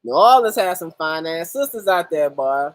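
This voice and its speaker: Male livestream host, loose and cussing, animated pitch, dry unroomy sound. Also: normal speed, no echo. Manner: loose, profane, greets viewers by name. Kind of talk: casual livestream chat.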